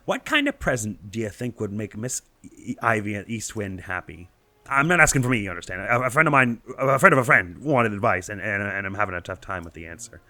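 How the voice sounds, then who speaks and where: A man's voice: lowish voice, sing-song, fairly quick, bright, forceful tone, no room sound, full character voice. Man doing a vain, bashful village loafer. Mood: sheepish. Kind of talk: reading game character dialogue aloud.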